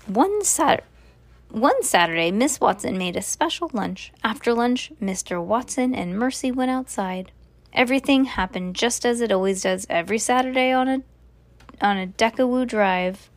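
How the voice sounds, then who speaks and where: A woman's voice: fairly high pitch, normal speed. A woman reading a children's chapter book aloud to a child, slipping into casual asides to explain what is happening.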